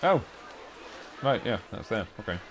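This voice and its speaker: A man's voice: fairly low pitch, sing-song, normal speed, a little hiss or hum. A man streaming a strategy game, chatting casually and musing aloud in a rambling, self-mocking way.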